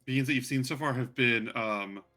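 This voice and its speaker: A man's voice: mid-range voice, normal speed, sharp tone, faint music behind. A man narrating as game master of a tabletop role-playing game, in a loose, chatty way full of fillers.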